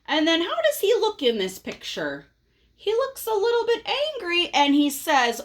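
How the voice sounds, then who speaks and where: A woman reading a picture book aloud to children, pausing to ask them questions in a gentle, teacherly way. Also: very high-pitched, huge pitch swings.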